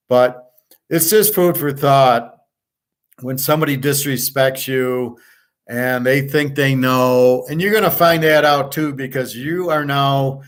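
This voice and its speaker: A middle-aged man rants on his own live stream, blunt and foul-mouthed. His pitch sits in an ordinary middle range for a man, and he swings between quick outbursts and slower, drawn-out asides. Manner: profane, blunt, ranting. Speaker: sports handicapper and show host. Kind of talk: casual live-stream rant.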